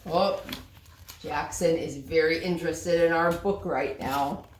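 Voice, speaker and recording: A woman teacher reading a picture book aloud to children, gently asking questions and explaining words. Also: low voice, fairly even intonation, slow, echoey room, a little hiss or hum.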